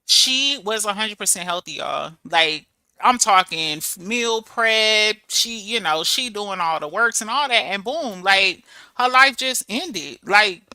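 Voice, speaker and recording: A woman in her thirties chatting casually to her viewers, telling stories in a lively, animated way. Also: medium pitch, measured pace, no echo. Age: 30s. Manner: chatty, storytelling, animated with laughs and quoted voices. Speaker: channel host. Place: abroad in Germany.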